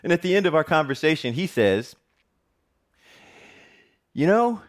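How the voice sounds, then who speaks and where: A middle-aged man, a television reporter, telling a personal story in a talk with animated, joking delivery. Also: fast talker. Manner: animated, jokey storytelling with big pitch swings.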